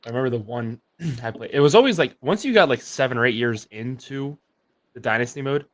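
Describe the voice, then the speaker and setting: A young adult man co-hosting a casual sports livestream, telling animated stories full of "like" fillers. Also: mid-range voice, brisk. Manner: animated storyteller, many "like" fillers. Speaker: co-host.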